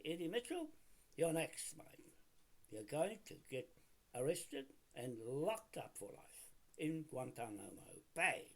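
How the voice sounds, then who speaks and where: A man's voice: mid-range voice, vocal fry, breathy edge. A man delivering a combative monologue, talking straight at the people he blames and repeatedly asking rhetorical questions. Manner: combative, addresses targets directly; repetitive, asks rhetorical questions. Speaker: video blogger. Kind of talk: ranting monologue to camera.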